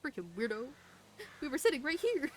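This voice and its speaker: A woman's voice: high voice, very animated, a little fast, a little hiss or hum. Tired, wry woman in roleplay chat. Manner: wry, blunt, swears casually. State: tired late at night. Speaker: roleplay streamer. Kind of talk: casual in-character roleplay chat.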